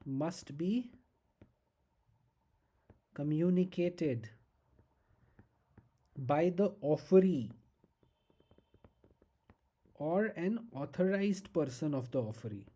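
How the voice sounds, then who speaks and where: Indian english law teacher, husky low mellow tone, slow and emphatic, keeps asking okay?. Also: animated. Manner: slow, emphatic, repeats key questions and asks "okay?". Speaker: law lecturer. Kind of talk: exam-prep lecture.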